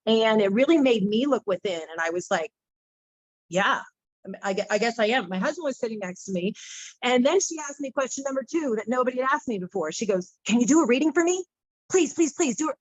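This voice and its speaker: A woman speaker and medium telling stories in a chatty, animated way, acting out the people she quotes. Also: medium pitch, fairly quick, no room sound. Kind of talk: casual storytelling talk. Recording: dull muffled sound, dry room.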